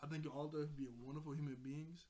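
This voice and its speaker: A young man seated in a chair in a room at home talks casually about an anime episode, rambling, repeating himself and laughing a lot. He speaks quickly in a voice on the high side, level and dark in tone.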